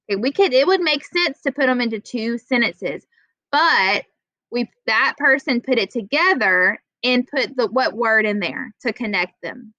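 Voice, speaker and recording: A young adult woman teaching an online writing class, patient and encouraging, reading example sentences slowly. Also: a little high, expressive, sharp tone, dry recording, lo-fi sound. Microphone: video call.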